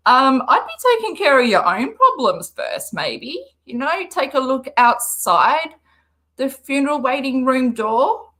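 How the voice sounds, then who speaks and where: A woman hosting a reaction livestream, talking in an animated, sarcastic way and laughing often. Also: sits high, unhurried. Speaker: livestream host.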